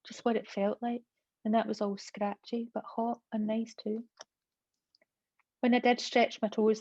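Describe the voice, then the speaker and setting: A lonely five-year-old Glasgow girl tells her own story in a Glaswegian accent, as a woman reads her aloud. The telling is childlike and even, kept flat in pitch. It comes through a dull, lo-fi, dry recording. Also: no room sound, lightly acted. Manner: childlike first-person storytelling. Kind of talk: reading aloud from a novel.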